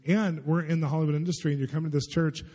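Pastor guy chatting through a sermon, mellow husky voice, lots of "like", big echoey hall. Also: a little high, steady tone, very fast. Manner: conversational, chatty, lots of filler "like". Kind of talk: storytelling sermon. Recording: long reverb in a large hall.

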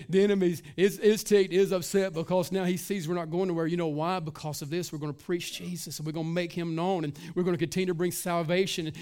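A middle-aged man preaches in a relaxed, street-casual way, peppering his lines with "man" and "listen." He sinks to near-hushed tones for weighty points, then swells louder and drags out the words he wants to land. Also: sits high. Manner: swings between hushed and loud, stretching key words. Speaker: pastor. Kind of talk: sermon.

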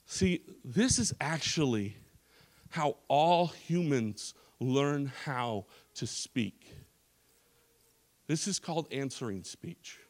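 A man's voice: mid-range voice, animated, takes it slowly. A male pastor preaching a sermon in a church service, emphatic, with frequent restarts and repeated phrases.

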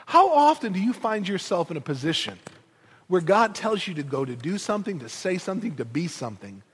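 A man's voice: high-pitched, big pitch swings, brisk, husky. A male preacher giving an emphatic, conversational sermon and addressing the congregation directly, recorded in a large hall. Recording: long hall reverb.

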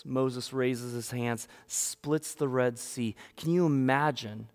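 A man's voice: medium pitch, fairly even intonation, slow, in a large hall. A man from the United States preaching a sermon, telling a story and acting out the voices. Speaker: pastor.

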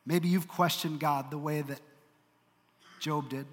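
A man's voice: fairly high pitch, fairly even intonation, measured pace. A man preaching a sermon as pastor, emphatic and earnest, with dry humorous asides. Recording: long reverb of a large hall.

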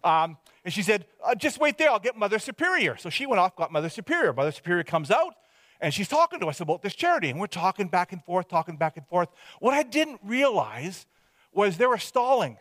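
A man's voice: high voice, sing-song, brisk, fairly bright tone, dry recording. A man from British Columbia giving a personal testimony as a rambling, self-deprecating storyteller. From Hope, British Columbia, Canada.

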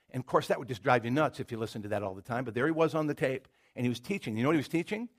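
Lively middle-aged male pastor preaching. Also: medium pitch, very fast, few pauses. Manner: animated storytelling, repeats words as he builds. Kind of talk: sermon.

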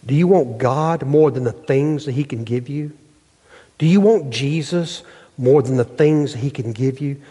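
A man's voice: mid-range voice, a little slow, dark tone, breathy edge. A male pastor preaching a sermon, putting rhetorical questions to his congregation. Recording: long hall reverb.

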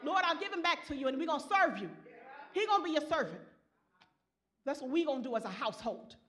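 A woman preacher delivering an impassioned sermon, swinging from soft, low passages to loud, rising calls. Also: sing-song, fast talker.

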